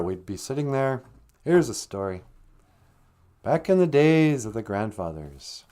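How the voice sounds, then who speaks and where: Lively joking man telling stories. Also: fairly low pitch. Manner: rambling, jokey, laughs often. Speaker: livestream show host. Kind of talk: casual storytelling chat.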